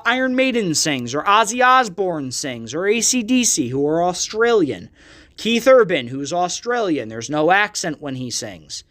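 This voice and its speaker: A man's voice: sits high, fairly bright tone. A man from the United States hosting his own podcast, ranting with a lot of profanity in a loose, heated monologue. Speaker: podcast host. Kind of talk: solo podcast rant.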